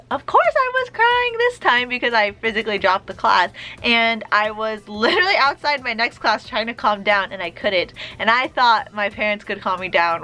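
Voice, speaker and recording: A young woman with a high, bright voice recounts a personal story in a storytime vlog. Her delivery swings widely and stays exasperated and animated. Faint music sits underneath. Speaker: vlogger.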